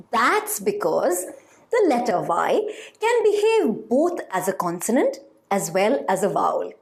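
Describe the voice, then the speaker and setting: A woman teaching a phonics lesson to children, slowly sounding out example words and asking questions. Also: on the high side. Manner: slow, lively, sounding out words.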